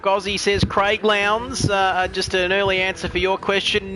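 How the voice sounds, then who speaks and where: A man's voice: sits high, flat delivery, a little slow, hardly any pauses, pushed and bright. A man commentating a sim race, chatty and joking while reading out viewer messages. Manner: chatty, joking, reads chat messages aloud.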